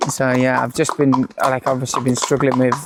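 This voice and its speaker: A man, a retired jockey, chatting casually while riding out, telling lively stories and acting out other people's lines. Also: mid-range voice, brisk. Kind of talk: casual storytelling chat. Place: outdoors, riding out on horseback. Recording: outdoor recording with clear background noise.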